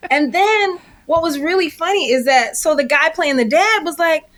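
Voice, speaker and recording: Guest: animated woman, slightly high voice, storyteller. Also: moderate pace. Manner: lively anecdotes with acted-out quotes. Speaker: actress guest.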